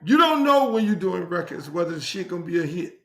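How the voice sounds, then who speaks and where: A brash, profane middle-aged man from Miami tells a story on his own show, circling back to the same phrases again and again. His voice sits high and sounds bright and forceful. The room around him is echoey. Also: big pitch swings, brisk. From Miami, USA. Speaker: host. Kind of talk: casual storytelling monologue.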